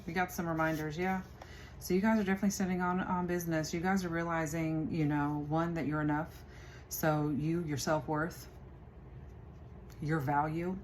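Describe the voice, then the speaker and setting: A woman's voice: low-pitched, heavy background noise. A woman giving a casual tarot reading, chatty and laughing often as she talks to her viewers. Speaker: tarot reader.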